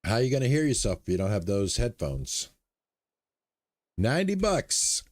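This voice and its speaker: Streaming a shop game, this man talks through each move and drifts into easygoing chatter with his audience between game remarks. He speaks at medium pitch and normal speed, and the recording has no echo.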